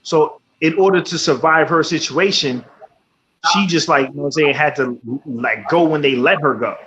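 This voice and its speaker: On a casual radio talk show, the host speaks at normal speed in a voice on the high side, a bit bright. His delivery is blunt and full of swearing, with frequent "you know what I'm saying" checks, over slightly muffled audio and faint background noise.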